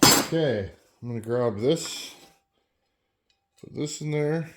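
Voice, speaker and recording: A chainsaw channel host with a mid-range voice speaks slowly amid heavy background noise. In his casual workshop vlog he's chatty and rambling as he works with his tools, sometimes drifting off the camera mic.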